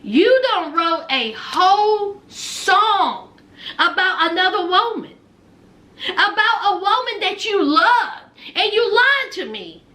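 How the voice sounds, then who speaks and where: A shrill, indignant middle-aged woman who insists and exasperates, her voice climbing high, as a woman puts her on. The pitch leaps about, and the room echoes. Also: sing-song, takes it slowly, sharp tone, exaggerated voice. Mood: hurt.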